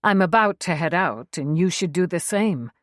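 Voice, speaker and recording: A woman's voice: on the low side, lively intonation, normal speed, dry recording, studio quality, natural voice. A woman voicing an officious older secretary from London, prim and lecturing, with a London accent.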